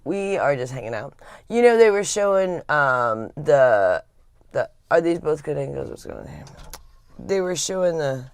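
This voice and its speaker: A woman's voice: low-pitched, very animated, moderate pace, clean tone, dry recording. A woman hosting a live stream in casual chat, rambling and chatty with a lot of filler words. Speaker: livestream host.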